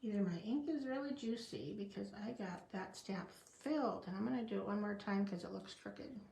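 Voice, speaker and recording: A woman's voice: medium pitch, fairly quick, gravelly, a little mellow, echoey room. A woman demonstrating card stamping in a chatty tutorial, talking to herself as she works. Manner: chatty, talks to herself while working, small laughs.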